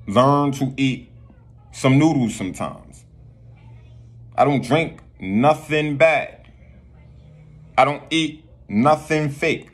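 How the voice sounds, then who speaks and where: A man's voice: medium pitch, breathy edge. A man delivering a rambling spiritual rant to his viewers, preachy and profane, often repeating himself. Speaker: vlogger.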